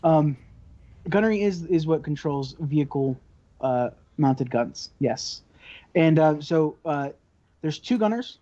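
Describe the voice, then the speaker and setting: Higher-voiced man running a tabletop game. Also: expressive, slow, dark tone. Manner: loose, hesitant narration with many fillers. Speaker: game master. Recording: dull lo-fi recording.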